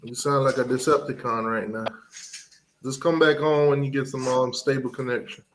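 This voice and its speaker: A man's voice: medium pitch, moderate pace, slight background noise. Laid-back man hosting a sports stream. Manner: relaxed, musing, lots of ums, reads out chat picks. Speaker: live stream host. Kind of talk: casual sports talk stream.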